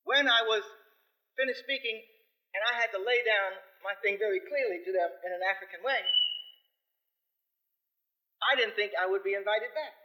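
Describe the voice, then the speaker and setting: A man from New York lectures a community forum in a high voice. He talks with emphatic, rhetorical force and pushes his key points loud. His tone is very bright and cutting. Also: moderate pace, pauses often, poor audio.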